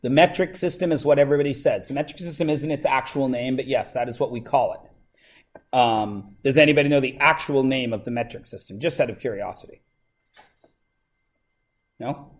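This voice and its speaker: A male teacher from Canada speaks in an ordinary, mid-pitched voice. He keeps a high school class engaged with quick questions and light teasing. He is recorded in a classroom. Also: lively intonation, darkish tone. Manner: chatty and joking with the students, asks lots of questions. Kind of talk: classroom lesson.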